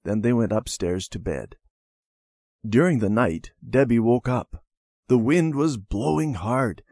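A man narrating a children's storybook in an expressive read-aloud manner. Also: medium pitch, unhurried, no room sound, clean studio sound.

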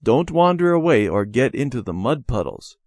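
A man's voice: medium pitch, big pitch swings, moderate pace, darkish tone, dry recording, studio quality, close to an everyday voice. A man voicing a responsible twelve-year-old girl who firmly looks after younger children. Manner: firm, scolding.

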